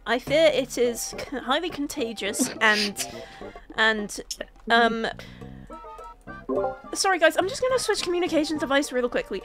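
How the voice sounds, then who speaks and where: A woman's voice: high voice, lively intonation, normal speed, a bit bright, faint music behind. A young woman giving silly, theatrical commentary over a Minecraft video, often stumbling and restarting her words. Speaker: Minecraft YouTuber. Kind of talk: playful gameplay commentary.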